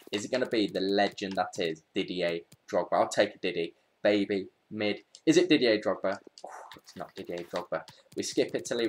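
Excitable low-voiced man commentating gameplay. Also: a little hiss or hum. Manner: chatty, excitable, talks to viewers while searching. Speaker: gaming YouTuber.

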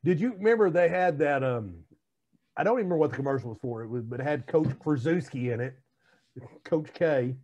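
A man's voice: fairly high pitch, animated, a little fast, darkish tone, dull audio. A man co-hosting a casual podcast, telling rambling stories in a chatty way. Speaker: podcast co-host. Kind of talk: casual chat.

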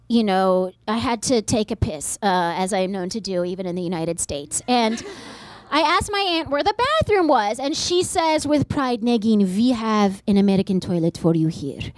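A woman in her thirties, a comedian and author giving an animated stand-up style book talk at a bookstore event. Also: high voice, no echo. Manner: animated, voices characters, deadpan asides.

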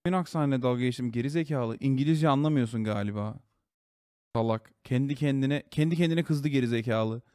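A man hosts a live stream and reacts to a video with blunt, combative, sweary remarks. His voice sits at an ordinary middle pitch. The sound is dry and close, with no room echo. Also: fairly quick, warm tone. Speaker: livestream host.

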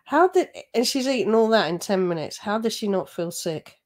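A woman's voice: medium pitch, lively intonation, normal speed, darkish tone. A woman hosting a reaction commentary channel, talking in a blunt, scornful, chatty way with frequent laughs.

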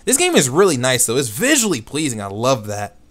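A man commentating his own online fighting game matches, animated and self-deprecating, with quick outbursts and laughs. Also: mid-range voice. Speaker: gaming YouTuber. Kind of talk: let's play commentary. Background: game music.

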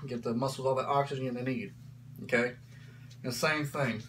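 A man's voice: mid-range voice, steady tone, normal speed, background noise. Casual man coaching a workout. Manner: casual, coaching, says y'all and frickin'. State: slightly out of breath. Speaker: fitness vlogger.

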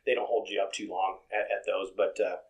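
A low-pitched man talking in a loose, easygoing way. He is a truck driver in a casual interview, and he wanders through his stories with plenty of "you know" fillers. His delivery is relaxed and conversational. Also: a little fast, low-quality recording.

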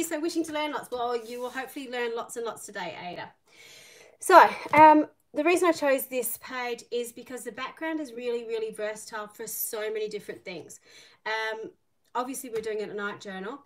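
A middle-aged woman with an Irish accent mixed with an Australian one, chatting warmly through a live online art class and greeting viewers by name. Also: mid-range voice. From Northern Ireland. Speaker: art teacher. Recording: slightly distant mic, faint noise.

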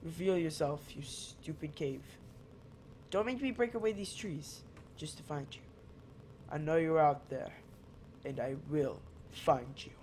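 A man's voice: a little high, expressive, measured pace, darkish tone, slight background noise. A man giving casual, rambling gameplay commentary, joking to his viewers and chatting at his cat as he plays. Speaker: gaming channel host.

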